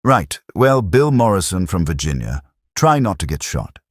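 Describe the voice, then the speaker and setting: A man's voice: low voice, sing-song, moderate pace, no echo. A man voicing a cheeky young British private from Sheffield, bantering in a dry, teasing way. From Sheffield, England.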